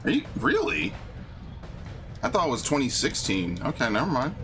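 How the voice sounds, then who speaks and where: A man's voice: medium pitch, wildly swooping pitch, normal speed. A man streaming a video game, talking casually in a profane, grumbling, ranty way. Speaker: gaming streamer. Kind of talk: casual live-stream commentary. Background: game music.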